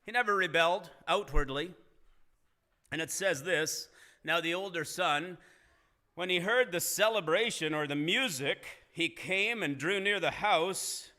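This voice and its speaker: Bright-voiced male pastor preaching. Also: high voice, a little slow. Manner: earnest preaching, rising emphasis in retold dialogue. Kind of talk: sermon. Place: church sanctuary.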